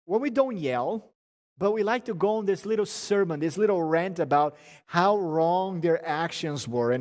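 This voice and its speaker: Male seminar speaker, high voice, animated and joking, reverberant hall sound. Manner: animated, humorous, repeats words while restarting. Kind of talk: conversational teaching talk.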